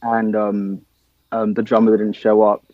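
Low, flat-voiced young Nigerian-born drummer. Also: male voice, unhurried, no echo, highs cut off. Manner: relaxed, filler-heavy, says man and dude. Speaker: band drummer. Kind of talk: casual interview chat.

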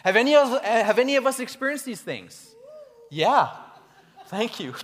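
A male pastor preaching an animated, conversational sermon to his congregation in a church hall. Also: extremely high pitch, moderate pace. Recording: echoey hall reverb.

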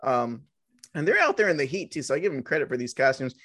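A man co-hosting a podcast in casual chat, laid-back and joking, with halting fillers. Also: medium pitch, expressive, sharp tone, no room sound, studio quality. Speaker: podcast co-host.

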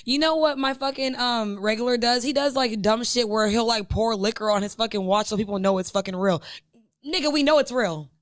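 An animated young woman co-hosting a podcast, teasing her partner and swearing freely. Her voice sits a little high. The sound is dry and close, with no room around it. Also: a little fast, dry recording. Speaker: podcast co-host. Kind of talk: casual chat.

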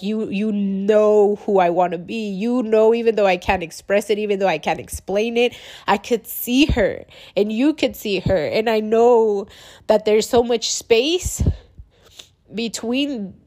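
A woman's voice: mid-range voice, slow, a little mellow. A young woman talking candidly in a personal vlog, casual and confessional, using "like" and "bro" a lot and swearing freely. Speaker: vlogger.

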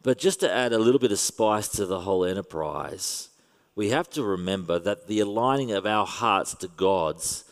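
An Australian man preaches in an easy, conversational tone with touches of wry humour. His voice sits low. The sound carries a long hall reverb. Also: lively intonation, normal speed. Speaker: pastor. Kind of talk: sermon.

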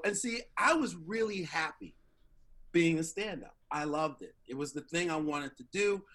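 A middle-aged man telling a story in an interview, lively and acting out the voices of the people he quotes. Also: on the high side, normal speed. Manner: animated, acts out quoted voices. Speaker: interview guest. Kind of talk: casual storytelling.

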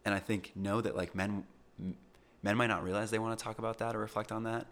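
A man's voice: fairly low pitch, level tone, fast, fairly bright tone. A young man talking earnestly and reflectively in a casual podcast conversation, with plenty of fillers. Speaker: podcast guest.

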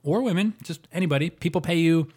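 A man co-hosting a podcast, telling animated stories with lots of fillers and quick laughs. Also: a little high, slightly rough. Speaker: podcast co-host. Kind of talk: casual chat.

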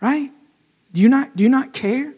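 A pastor preaching a conversational sermon and asking the congregation direct questions. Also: male voice, high-pitched, expressive, normal speed. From United States.

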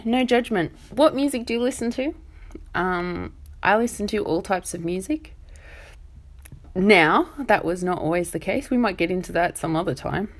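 A middle-aged woman hosts a casual solo podcast. Her voice sits a little low for a woman, and she wanders from thought to thought with plenty of ums and jokes at her own expense. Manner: rambling, self-deprecating, chatty with many fillers. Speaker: podcast host.

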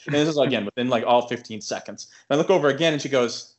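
A young man with an ordinary mid-pitched voice talks through a story on a podcast. He rambles, circles back, and fills every gap with filler words and restarts, in a loose and casual way. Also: fast talker, few pauses. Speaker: podcast co-host.

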